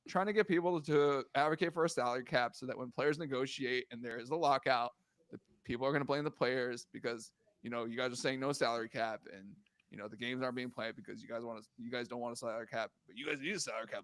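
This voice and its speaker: A man's voice: mid-range voice, fast, a bit bright, dry recording. A man co-hosting a casual sports podcast, ranting, swearing and exasperated as he talks through the news. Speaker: podcast co-host.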